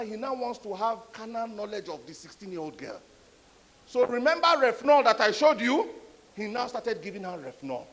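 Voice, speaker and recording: A man tells stories at a conference in a high, swooping voice, pressing hard on his points. His talk rings through a big hall with a long echo. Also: a little hiss or hum. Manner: animated, emphatic storyteller. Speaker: conference speaker. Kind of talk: storytelling talk. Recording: echoey hall.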